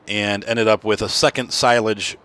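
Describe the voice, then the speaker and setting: Man, low voice, tired, rambling, self-correcting, casual game commentary. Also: little pitch movement, normal speed, fairly bright tone. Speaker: gaming channel host.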